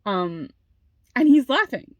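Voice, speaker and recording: A young adult woman tells a personal story in a heated, casual monologue, packing it with "like" and swearing freely. Her voice is a little high with big pitch swings and a slow pace; the recording has no room sound and the highs are cut off.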